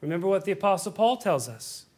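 A man with a strikingly high voice preaches a sermon. He delivers it earnestly and breaks in now and then with light joking asides. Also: sing-song, quick pace, darkish tone, slightly rough. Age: adult. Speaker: pastor.

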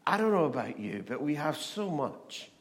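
A man's voice: fairly high pitch, big pitch swings, moderate pace. A man from Scotland, preaching a chatty sermon full of stories and questions to the audience. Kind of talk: sermon with humorous storytelling.

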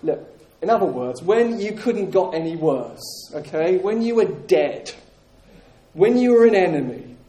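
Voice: medium pitch, expressive, a little slow, warm tone. A preacher delivering a sermon, emphatic and repeating key phrases, with jokes for the congregation. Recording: roomy echoing hall.

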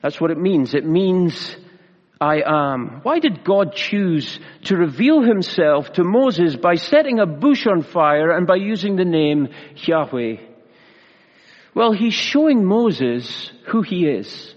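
A pastor preaching a sermon in a measured way, slowing down for emphasis and adding light humor. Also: male voice, sits high, sing-song. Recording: reverberant hall, dull lo-fi sound.

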